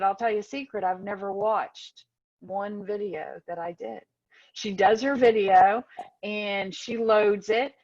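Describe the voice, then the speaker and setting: A woman talks casually as host of an online session, heard over a video call. Her voice comes through a little dull and lo-fi. She rambles and restarts herself as she goes. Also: mid-range voice. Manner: chatty, loses track and restarts. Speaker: webinar host.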